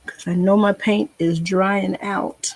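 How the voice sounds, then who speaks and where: A woman's voice: medium pitch, fairly even intonation, slow pace, gravelly, darkish tone, no echo. A woman, chatting folksily to viewers and herself while teaching a painting tutorial. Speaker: painting instructor.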